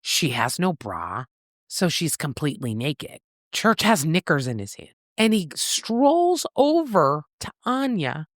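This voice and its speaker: A woman co-hosting a casual podcast, recapping a novel with lively storytelling and freely swearing. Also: low-pitched, no room sound, studio quality. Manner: animated storytelling, acts out characters' lines in shifting voices, swears freely. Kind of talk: casual book recap chat.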